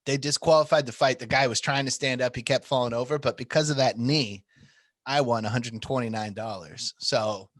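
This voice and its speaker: A man's voice: medium pitch, a little fast, a bit bright, dry recording. Dry-voiced, swearing podcast guy. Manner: profane, rambling storyteller who laughs often. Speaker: podcast co-host. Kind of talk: casual chat.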